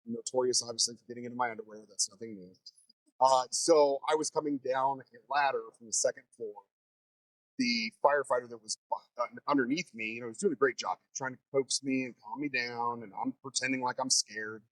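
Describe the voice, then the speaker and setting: A man who teaches fire training, telling stories in a casual interview in a lively way. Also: medium pitch, brisk, dry recording, low-quality recording. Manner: animated storyteller.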